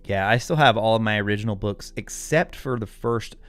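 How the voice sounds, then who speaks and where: Fairly low-pitched and a little bright, this American streamer speaks briskly while fielding comments from his audience with plenty of chuckles. There's no room sound, just faint music in the background.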